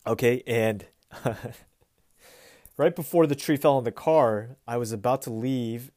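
A man hosting his own weekly podcast, telling a story in a relaxed, rambling way with fillers and restarts. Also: mid-range voice, slow pace, dry recording, studio quality. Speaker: podcast host. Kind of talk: casual solo podcast storytelling. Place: Pacific Northwest US.

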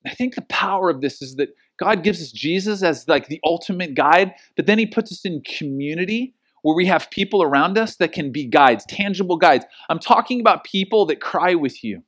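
Animated male preacher, higher voice. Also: moderate pace, few pauses. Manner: animated storytelling with acted-out quotes. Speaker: pastor. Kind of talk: sermon.

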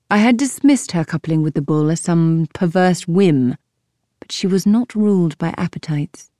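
A woman narrating a first-person audiobook in a measured, calm, literary manner. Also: fairly low pitch, no echo, clean studio sound.

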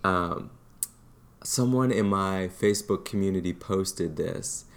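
A podcast co-host with a very low voice speaks in an easy, relaxed way. They often murmur short agreements while the other person talks. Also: slow pace. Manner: relaxed, frequent backchannel. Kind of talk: casual conversation.

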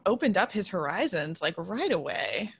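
A woman co-hosting a casual chat show, giggly and expressive. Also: medium pitch, moderate pace, gravelly, slightly rough. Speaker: podcast co-host.

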